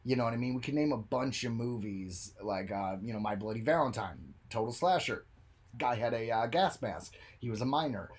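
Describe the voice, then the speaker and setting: Male podcast co-host, husky, animated storyteller, casual chat. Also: mid-range voice, normal speed. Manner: animated storyteller, jumps into joking voices.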